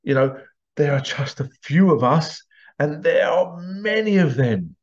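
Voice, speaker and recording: A man's voice: fairly high pitch, animated, unhurried, lo-fi sound. A man voicing a ruthless male grasshopper boss who insists on keeping others afraid, in a threatening, repetitive way. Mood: urgent. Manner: threatening, insistent, repeating himself.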